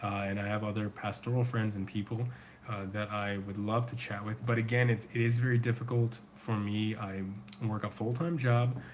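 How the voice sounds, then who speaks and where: A man's voice: fairly low pitch, flat delivery, normal speed, a little hiss or hum. A middle-aged man hosting a casual livestream, answering viewer questions in an earnest, rambling way with a sore throat. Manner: earnest, loose and rambling with many fillers. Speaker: men's coach and livestream host.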